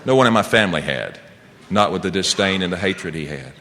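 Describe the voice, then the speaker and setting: Middle-aged man, recovery-meeting speaker, lively swinging delivery, bright, forceful tone, rhetorical questions to the room. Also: deep voice, a little fast. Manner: animated storyteller, asks the audience rhetorical questions. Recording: long reverb, faint background noise.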